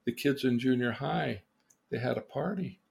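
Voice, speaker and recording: In a creaky, mid-range voice with a darkish tone, a man speaks at a normal speed, a little hiss or hum audible. He's a therapist and teacher telling theatrical stories about emotional independence, exclaiming and then questioning his listener in an animated lesson.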